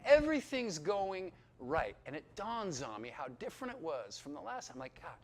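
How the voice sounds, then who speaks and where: Animated storyteller man, high lively voice. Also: normal speed, a little hiss or hum. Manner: animated, chatty, checks in with listeners. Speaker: speaker giving a personal testimony. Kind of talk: lively storytelling testimony to an audience.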